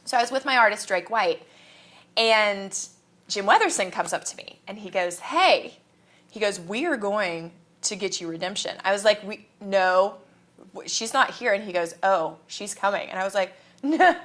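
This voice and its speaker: Woman from kansas, interview guest, animated storyteller, acts out quotes, laughs a lot, mid pitch. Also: moderate pace.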